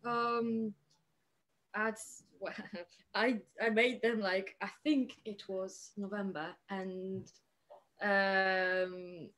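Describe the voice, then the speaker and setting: A young woman from Poland with a Polish accent, chatting as a podcast guest, hesitant, with many pauses and restarts. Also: medium pitch, flat delivery, fairly bright tone. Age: young adult. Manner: hesitant, many fillers and restarts, laughs often. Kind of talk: casual podcast chat.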